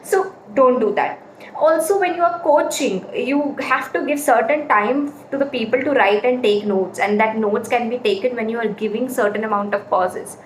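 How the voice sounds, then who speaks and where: A woman teaches public speaking in a casual, emphatic way, driving home each point with repeated examples. Her voice sits high. The recording is roomy, with a faint hum of ambient noise behind her. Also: normal speed. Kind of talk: casual spoken lesson.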